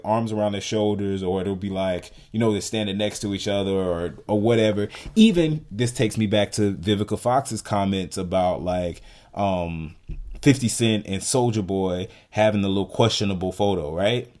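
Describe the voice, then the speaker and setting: Animated low-voiced man on a podcast. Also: moderate pace. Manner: animated, emphatic, heavy use of "like" fillers. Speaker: podcast co-host. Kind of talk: casual podcast commentary.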